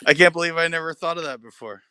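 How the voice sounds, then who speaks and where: A man's voice: on the high side, fairly even intonation, quick pace, crowd noise. A man chatting on a livestream panel through his phone, laughing often and swearing freely. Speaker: panel guest. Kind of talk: casual chat.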